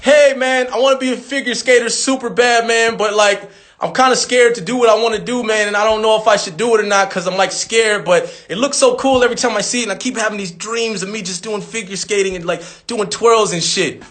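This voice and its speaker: Man voicing a nervous young dreamer: whiny, rambling, high-pitched. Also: brisk, fairly bright tone. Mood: pleading.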